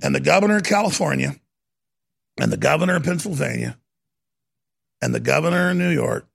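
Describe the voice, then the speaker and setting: A man hosting a talk show, ranting heatedly and shouting at times. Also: fairly quick. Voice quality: gravelly, husky voice. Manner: heated, shouting rants with wide pitch swings. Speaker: radio talk show host.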